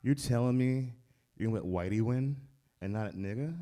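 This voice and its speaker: A man's voice: medium pitch, fairly quick, mellow. A man doing stand-up comedy on a club stage, laid-back and provoking the crowd. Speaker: stand-up comic.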